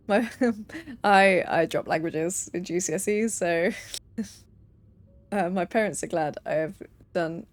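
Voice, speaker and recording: A woman's voice: lowish voice, slow, pauses often. A young woman streaming a game, reading letters and notes aloud with playful asides.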